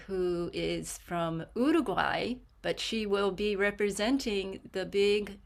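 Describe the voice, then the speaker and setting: A woman hosts an online prayer gathering over a video call. She talks slowly and gently, soft-spoken and affectionate, as she introduces each speaker. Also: medium pitch. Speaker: host.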